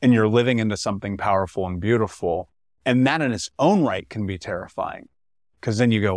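A man's voice: on the low side, brisk, dry recording, studio quality. A man hosting a podcast interview in casual, emphatic chat, tossing in slang like "dude" and "man". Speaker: podcast host.

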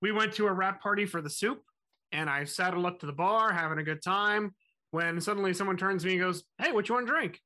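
A man co-hosting a podcast, telling a story in a lively, self-mocking way. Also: high-pitched, brisk. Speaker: podcast co-host. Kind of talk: casual storytelling chat.

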